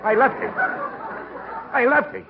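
An actor playing a bumbling, rough male burglar in 1940s radio comedy acting. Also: very high-pitched, measured pace, crowd noise, heavily acted. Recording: hissy dull old radio broadcast.

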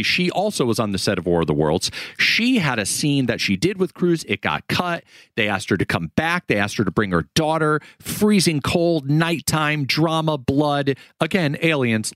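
A man's voice: medium pitch, big pitch swings, moderate pace, fairly bright tone, no echo. A man hosting a podcast, casually introducing clips of guest stories with a joking tone. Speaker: podcast host.

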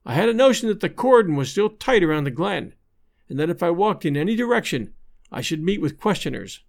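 A man narrating a classic adventure novel in a measured, even storytelling manner. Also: high voice, gravelly. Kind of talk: scripted audiobook narration.

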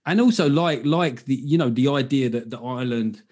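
A man's voice: medium pitch, moderate pace, a little mellow. A man with a South London accent hosting a podcast, chatting loosely and laughing easily. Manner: rambling, sweary, laughs easily. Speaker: podcast host. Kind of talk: casual interview chat. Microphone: video call.

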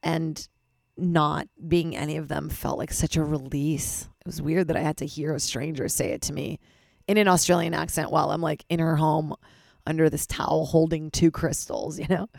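A woman's voice: deep voice, level tone, normal speed, gravelly, a little mellow, no echo, clean studio sound. A young adult woman hosting a podcast, rambling candidly and self-deprecatingly with casual swearing, her voice a little worn. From Los Angeles-based. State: slightly lost voice. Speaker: podcast host. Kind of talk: candid personal monologue.

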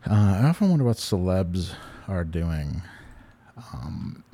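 A man's voice: deep voice, sing-song, slow, creaky, dark tone. A man co-hosting a podcast, chatting casually and jokily, rambling and laughing often. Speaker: podcast co-host. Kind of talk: casual chat.

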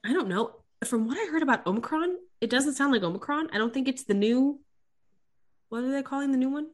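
A young woman with a high, expressive voice co-hosts a podcast, speaking briskly. She chats casually, telling stories and voicing quotes playfully.

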